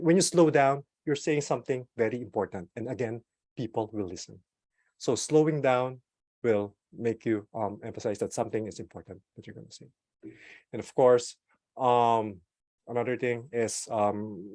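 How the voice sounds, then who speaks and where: A man giving an online talk about product management through a desktop microphone. He speaks casually with fillers and light laughs, swings widely in pitch and loudness, and uses deliberate pauses and slowdowns. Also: no echo. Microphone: desktop USB microphone.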